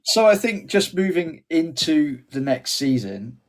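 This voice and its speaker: A man's voice: fairly high pitch, very animated, unhurried. A man co-hosting a podcast, asking questions in a joking, teasing way. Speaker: podcast co-host, interviewer. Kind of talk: casual chat.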